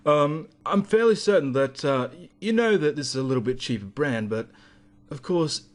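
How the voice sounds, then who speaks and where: A man's voice: on the high side, expressive, normal speed, close to an everyday voice. A man doing an impression of a smarmy, condescending middle-aged male guitar salesman who talks like a posh connoisseur.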